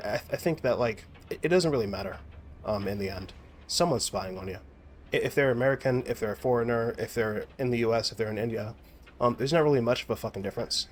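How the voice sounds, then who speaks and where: There's a little hiss or hum as a young man streams a game, his voice on the low side. His commentary over the gameplay is rambling and profane, with plenty of restarts.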